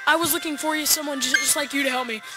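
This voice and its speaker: Excitable high-voiced male gamer. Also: racing, over loud music. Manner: excitable, chatty, addresses viewers as guys. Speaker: gaming YouTuber. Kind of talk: excited gameplay commentary. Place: backyard, outdoors.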